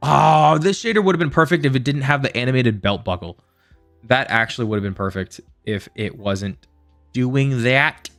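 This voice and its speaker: A man talking casually to viewers while he plays on a live game stream, playful and quick to slip into silly voices. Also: mid-range voice, creaky, a bit bright, soft background music.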